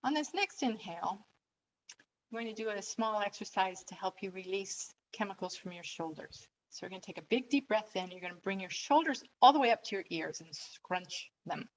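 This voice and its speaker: A woman coach leading a calm guided relaxation and breathing exercise, giving gentle step-by-step instructions. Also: medium pitch, normal speed, a little hiss or hum, low-quality recording.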